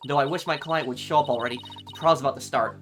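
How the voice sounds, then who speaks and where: A man's voice: medium pitch, over music, natural voice. A man reading as a spirited young woman lawyer. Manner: brisk, indignant and upbeat.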